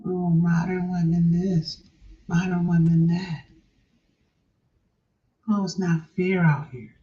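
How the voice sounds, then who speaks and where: A man's voice: fairly even intonation, slow pace, dark tone. A man mocking a whiny online pundit. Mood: mocking whine. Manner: mocking, high nasal whine. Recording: distant, dull lo-fi sound.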